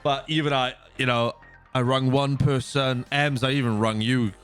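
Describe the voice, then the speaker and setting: A man's voice: medium pitch, moderate pace, clean tone, faint music behind. Man in his thirties, venting. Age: 30s. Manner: animated venting, heavy swearing. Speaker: streamer. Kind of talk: casual livestream storytelling.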